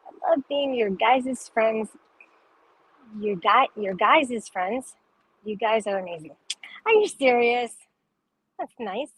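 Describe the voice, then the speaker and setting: A woman's voice: a little high, lively intonation, takes it slowly, pauses often, low-quality recording. Chatty woman livestreamer, faint noise. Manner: laughs often, swears casually, rambling with fillers. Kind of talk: casual livestream chat reading comments.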